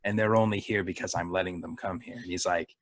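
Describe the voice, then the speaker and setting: Low-voiced ranting Boston man. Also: fairly even intonation, fast talker, no echo. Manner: profane, ranting, sarcastic storytelling. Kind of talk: casual chat.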